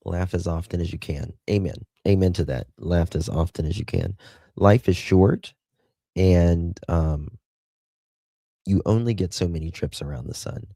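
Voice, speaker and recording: A man's voice: low-pitched, measured pace, vocal fry, mellow, dry recording. A middle-aged man with a Southern accent hosting a casual livestream, chatting with viewers and calling them honey and darling. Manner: chatty, reads viewers' chat aloud with endearments. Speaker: livestream host.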